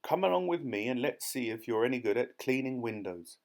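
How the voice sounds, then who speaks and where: A man's voice: medium pitch, animated, a little fast, natural voice. A man doing a blustering old duke. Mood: gruff. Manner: blustering, bellowing. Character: pompous old male duke, hot-tempered.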